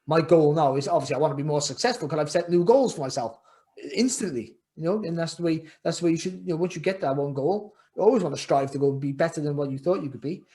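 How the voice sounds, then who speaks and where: Middle-aged man, podcast guest, rambling and reflective, voice a touch high. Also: quick pace, mellow. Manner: rambling, repeats words and restarts often, reflective. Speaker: guest, former world champion boxer. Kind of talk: candid podcast interview.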